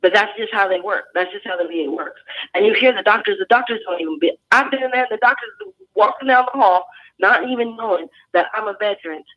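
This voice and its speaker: A woman veteran calls in to a talk show and talks earnestly, stumbling and restarting as she goes. Her voice comes through a dull, muffled line. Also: medium pitch. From California. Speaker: guest veteran. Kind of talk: phone-in talk show interview.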